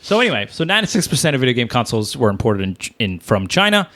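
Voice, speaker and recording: A man's voice: medium pitch, sing-song, racing, a bit bright. A man co-hosting a casual podcast, reading news statements aloud between jokes. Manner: jokey, reads statements aloud. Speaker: podcast co-host.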